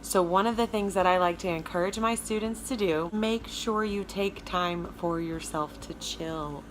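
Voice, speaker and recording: A woman vocal coach with a Southern American accent and a low alto speaking voice, giving a chatty, emphatic lesson straight to her viewers. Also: normal speed, slight background noise. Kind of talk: casual video lesson.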